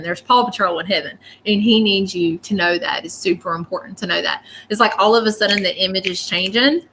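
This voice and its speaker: A woman's voice: medium pitch, bright, forceful tone, slight background noise. A woman giving a live psychic reading, earnest and reassuring, often repeating her words. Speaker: psychic medium.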